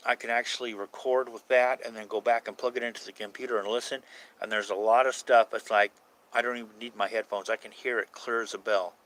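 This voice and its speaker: A man's voice: mid-range voice, fairly even intonation, a little fast, a bit bright, rough recording. A man casually chatting with viewers on a paranormal live stream, rambling from point to point and swearing now and then. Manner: rambling, swears casually, answers chat questions.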